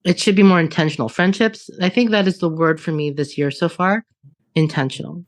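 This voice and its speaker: Woman almost forty chatting on a podcast, swears a lot, laughs, talks pretty animated. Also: on the low side, a little fast. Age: 30s. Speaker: podcast co-host. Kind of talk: casual conversation.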